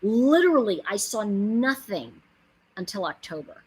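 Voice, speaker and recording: A middle-aged woman giving an animated inspirational talk to her viewers, telling stories, acting out quotes and building to emphatic pleas. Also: mid-range voice, a little slow, slightly rough, poor audio. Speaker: spiritual speaker and host.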